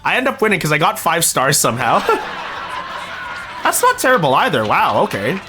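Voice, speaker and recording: Young male streamer, loose and rambling, pitch swinging a lot, on a cheap mic. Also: normal speed, over music. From Canada. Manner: animated, rambling, swearing casually. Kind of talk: casual chat with chat viewers. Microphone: cheap microphone.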